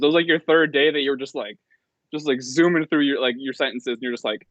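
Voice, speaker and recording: A man's voice: medium pitch, normal speed, pauses often, a bit bright, dry recording, muffled recording. A young man from Minnesota, a podcast guest, talking in a laid-back, hesitant way full of fillers. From Minnesota, USA. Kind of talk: casual chat.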